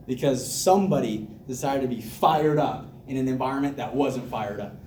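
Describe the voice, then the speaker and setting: A man giving an energetic motivational talk to a group, hyped and repetitive, laughing often. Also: mid-range voice, normal speed, a little hiss or hum. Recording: echoey room, mic from a distance.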